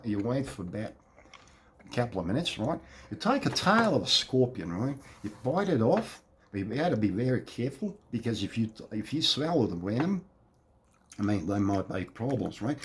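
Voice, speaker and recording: A man's voice: mid-range voice, a little hiss or hum, close to an everyday voice. A man putting on an Australian accent to play a boastful bloke who keeps tagging his steps with "right?". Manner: tag questions after every step. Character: boastful Australian bloke sharing crude folk remedy.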